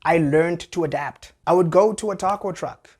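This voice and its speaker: A young man hosting a satirical comedy show, delivering a wry, animated monologue. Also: on the high side, moderate pace. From South Africa. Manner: wry, animated, jumps into voices.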